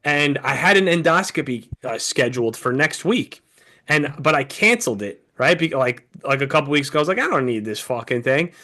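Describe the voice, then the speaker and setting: A man's voice: on the high side, a little fast. A man co-hosting a podcast, chatting casually and a bit short of breath, swearing often and acting out what he said. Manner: profane, storytelling, animated quoting. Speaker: podcast co-host. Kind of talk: casual chat.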